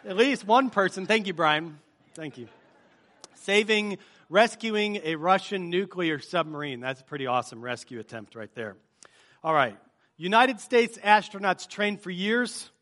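A high-pitched man with a bright, forceful voice opens a sermon for a live congregation. He talks in a chatty, joking way and quizzes the crowd with energy. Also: animated, normal speed. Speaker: pastor. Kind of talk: sermon opening with a movie-quote game. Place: church service before a live congregation.

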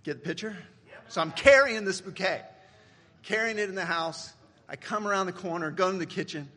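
Male pastor, 50s, sermon delivery; husky, slightly high voice, joking then hushed. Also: fairly quick. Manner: humorous storytelling, swinging from loud to hushed.

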